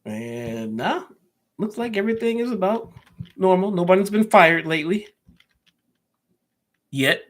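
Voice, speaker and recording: A man's voice: high-pitched, animated, a little slow, pauses often. A man with a Chicago accent hosting a casual live stream, chatting loosely and answering viewer comments as he goes.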